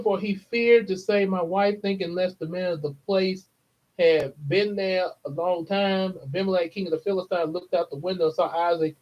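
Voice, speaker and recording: A man reading the Bible aloud and adding chatty, playful commentary between the verses. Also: high-pitched. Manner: chatty, playful asides, chuckles. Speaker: Bible reader for a church channel. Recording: dull lo-fi recording.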